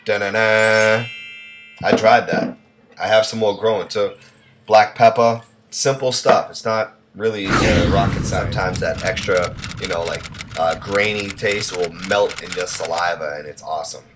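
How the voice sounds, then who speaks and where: Chatty Boston man with a low voice. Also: normal speed, slight background noise. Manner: chatty, loose and offhand, with frequent fillers. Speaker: cooking show host. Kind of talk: casual cooking demonstration.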